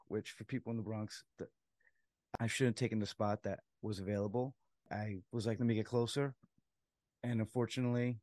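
A man, a softball umpire and co-host, telling a story in casual chat, laughing as he acts out what people said. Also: on the low side, dry recording, studio quality. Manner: animated storyteller, laughs while acting out quotes.

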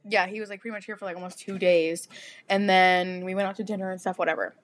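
A young woman chatting on a podcast with friends. She tells her story in a crude, lively way, swearing freely and building it up for laughs. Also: medium pitch, quick pace. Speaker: podcast co-host. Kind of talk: casual chat.

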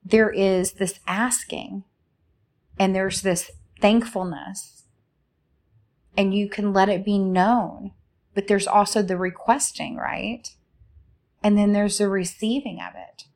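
Female spiritual coach, mid-range voice, unhurried soothing delivery, lots of rhetorical questions. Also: mid-range voice, steady tone, a little mellow. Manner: slow, soothing and inviting, with many rhetorical questions. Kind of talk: reflective guided talk.

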